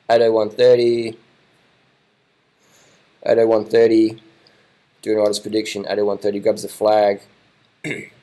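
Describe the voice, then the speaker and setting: A man's voice: mid-range voice, warm tone, poor audio. A man giving casual, rambling commentary over race footage, swearing and repeating himself as he watches.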